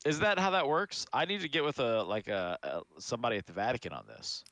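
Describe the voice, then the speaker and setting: A man's voice: medium pitch, animated, fast, fairly bright tone, no room sound. A man co-hosting a podcast in casual chat, making wry, mock-serious remarks. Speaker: podcast co-host.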